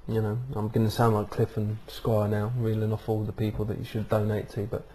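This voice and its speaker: A man's voice: lowish voice, completely flat delivery, fairly quick, mellow, a little hiss or hum. A man hosting his own video blog, talking casually to a webcam and rambling with lots of "um"s and "uh"s. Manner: rambling, many ums and uhs. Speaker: vlog host. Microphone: webcam microphone.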